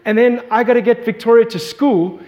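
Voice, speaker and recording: A man in his thirties preaching a sermon, telling a family story in an animated way as a pastor. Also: very high voice, a little fast. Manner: animated storyteller, voice climbing when excited. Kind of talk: sermon with personal anecdote. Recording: long reverb from a large hall.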